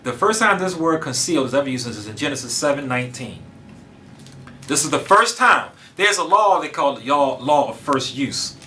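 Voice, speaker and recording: A man preaches a fervent, emphatic sermon in casual, colloquial speech, addressing his listeners directly. His medium-pitched voice is bright and forceful, with lively intonation at a normal speed, and there's a little hiss or hum.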